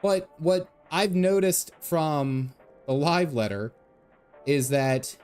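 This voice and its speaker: A man's voice: on the high side, slow pace, darkish tone, smooth, soft background music. A man streaming a game, chatting casually and rambling as he answers his chat. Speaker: gaming streamer. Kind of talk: casual live-stream chat while gaming.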